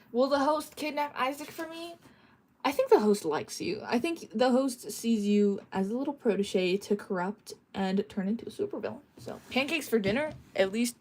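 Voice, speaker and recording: A woman with a fairly high voice streams live and chats casually with her viewers as she draws. She reads their messages aloud, laughs easily and bursts into playful mock shouting. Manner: giggly, joking, playfully bursts into mock yelling. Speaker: streamer reading chat. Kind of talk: casual livestream chat while drawing.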